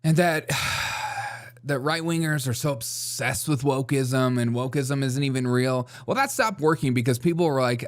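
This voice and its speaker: A man's voice: mid-range voice, a little slow. A man hosting a political comedy show, talking sarcastically and laughing at his own jokes. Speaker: host.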